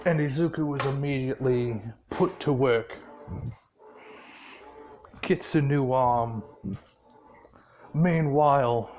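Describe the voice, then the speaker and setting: Slow, laid-back male storyteller. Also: medium pitch, slight background noise. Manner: laid-back, swearing, with frequent restarts. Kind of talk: casual improvised fan-story narration.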